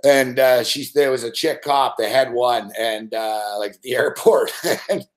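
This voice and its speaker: A man's voice: medium pitch, steady tone, unhurried, a little hiss or hum. A man hosting a show, telling a rambling, profane story in casual chat and laughing often. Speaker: show host.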